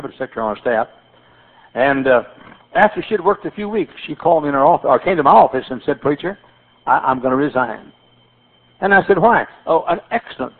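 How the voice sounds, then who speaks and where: Husky older preacher, tinny recording. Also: male voice, fairly high pitch. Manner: folksy storytelling with repetitions and stammered restarts. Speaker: pastor. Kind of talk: sermon. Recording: tinny phone-like sermon recording.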